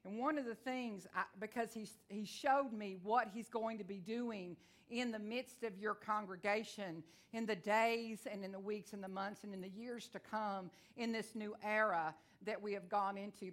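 A woman from Texas with a Texan twang, a guest preacher telling her testimony in a folksy storytelling way and building to fervent, loud declarations. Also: medium pitch. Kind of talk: testimony sermon.

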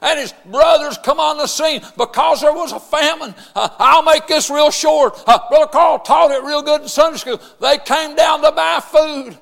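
Male pastor, high voice, shouts the sermon, halting "uh" delivery, echoing church. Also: creaky. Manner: shouted emphatic preaching, frequent "uh" fillers. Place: church sanctuary. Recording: long reverb of a church hall.

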